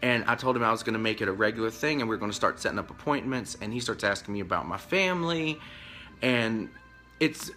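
A vlogger rants casually to his camera about getting fired, rambling and playing both sides of the conversation. His voice is pushed and bright, and his pitch jumps whenever he gets upset.

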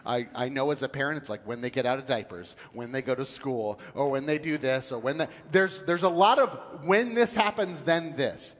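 A man's voice: medium pitch, moderate pace, hardly any pauses, in a large hall. A man preaching a sermon as pastor, telling stories and acting out the parts of a joke. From United States. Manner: storytelling, animated, acts out characters in a joke. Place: church sanctuary.

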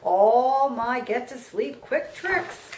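A woman reading aloud, voicing a sleepy, helpful male crab from a picture book in a soft, lilting way. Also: on the high side, lively intonation, takes it slowly, roomy sound, distant mic, a little hiss or hum, poor audio. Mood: soothing. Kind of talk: reading a bedtime storybook aloud.

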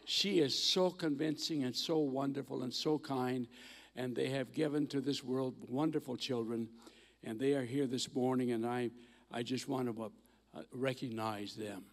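A man's voice: mid-range voice, steady tone, normal speed. An older man in his eighties, a guest preacher giving a folksy, humorous sermon with stories in a large church sanctuary. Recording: long church hall reverb.

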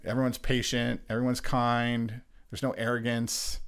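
A man co-hosting a church Bible discussion, talking in an earnest, halting way with many restarts. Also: mid-range voice, flat delivery, clear, resonant tone. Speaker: church podcast co-host. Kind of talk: casual reflective Bible discussion.

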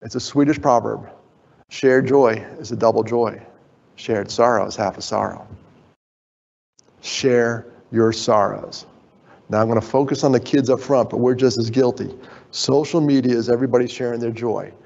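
A man's voice: medium pitch, fairly even intonation, moderate pace, gravelly, a little mellow. A middle-aged man gives a motivational conference talk. He jokes with the crowd and gets them involved, then turns earnest. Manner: jokey, draws in the audience, then turns earnest. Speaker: keynote speaker. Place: conference hall. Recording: dull, echoey hall sound.

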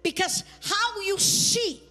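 A woman's voice: very high voice, slow pace, pushed and bright. A woman pastor preaching a fervent sermon, repeating phrases and calling the congregation to answer back. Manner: fervent, repetitive call-and-response preaching.

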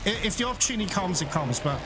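A man commentating a video game he is playing, excitable, swearing and cheering at the action. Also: sits high, quick pace, heavy background noise. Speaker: gaming channel host. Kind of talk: let's play commentary.

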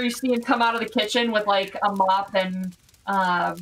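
A woman narrating a tabletop game as game master, unhurried and full of fillers. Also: medium pitch, fairly even intonation, a bit bright, recorded from a distance, slight background noise, low-quality recording. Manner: unhurried, hesitant with many fillers.

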